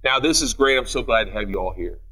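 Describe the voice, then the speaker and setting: A man's voice: medium pitch, quick pace, pushed and bright. A man preaching an Easter sermon as pastor, running through scripture references with rising emphasis. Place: church sanctuary.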